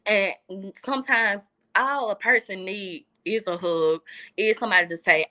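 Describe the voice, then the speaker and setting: A young woman talking with heartfelt earnestness, leaning on repetition to make her point. Her voice has a bright, forceful edge. The sound is dull and lo-fi. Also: medium pitch, lively intonation, normal speed. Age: young adult. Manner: earnest, heartfelt, repeats herself for emphasis. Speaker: guest. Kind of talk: casual chat.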